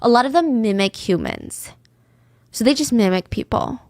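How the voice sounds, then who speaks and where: A woman's voice: fairly high pitch, lively intonation, moderate pace, darkish tone, no echo, studio quality. A woman hosting a podcast, telling a true-crime story in a casual, chatty way and dropping into whispers for suspense. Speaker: podcast host.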